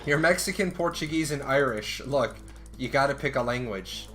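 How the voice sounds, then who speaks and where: Rambling, profane American game streamer. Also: male voice, medium pitch, expressive, moderate pace, fairly bright tone. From United States. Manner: rambling, profane, laughs often. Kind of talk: casual gameplay commentary. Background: game music and keyboard typing.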